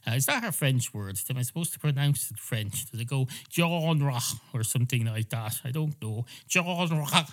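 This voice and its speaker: A man's voice: medium pitch, animated, brisk. Rambling Irish man telling a comic tale. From Ireland. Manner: rambling, self-mocking asides. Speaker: podcast host. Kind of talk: comic storytelling monologue.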